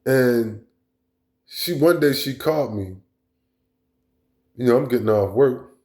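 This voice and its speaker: A man's voice: mid-range voice, slow, a little mellow. A man delivering a blunt, profane, rambling monologue as a vlog host. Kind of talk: casual monologue rant.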